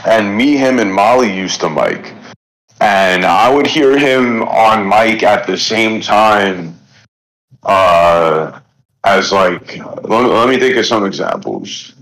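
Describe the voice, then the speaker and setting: A man from the Bronx with a New York accent, a podcast guest, who talks in a rambling, profane way with many restarts while high. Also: animated, slow, a bit bright, low-quality recording. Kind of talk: casual chat.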